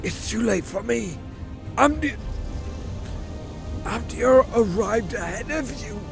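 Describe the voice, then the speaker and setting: A man's voice: very high voice, lively intonation, takes it slowly, creaky, heavily acted. An actor voicing a dying, wounded man in a video game, pleading in a strained voice. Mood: urgent, dying. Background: game music.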